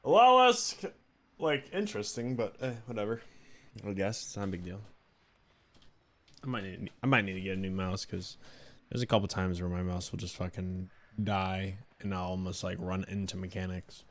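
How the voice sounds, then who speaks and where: A man's voice: deep voice, fairly even intonation, normal speed. A male streamer chatting casually while gaming, laid-back and swearing, laughing now and then. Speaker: streamer playing a video game. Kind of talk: casual chat.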